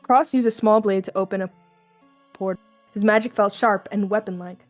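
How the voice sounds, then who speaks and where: A young woman reads fan fiction aloud in a casual, unpolished way, often stumbling and restarting. Her mixed accent keeps slipping toward Southern US. The pitch sits at an ordinary middle for a woman. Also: steady tone, normal speed, faint music behind. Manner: casual, stumbling, laughing asides.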